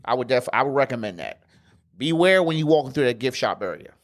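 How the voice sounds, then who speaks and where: A man's voice: mid-range voice, big pitch swings, fast talker. A man with an ordinary mid-range voice rambles through a travel story on his podcast. He talks casually, swears freely and leans on slang, filling the gaps with fillers as he goes. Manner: slangy and profane, heavy with fillers. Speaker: podcast host.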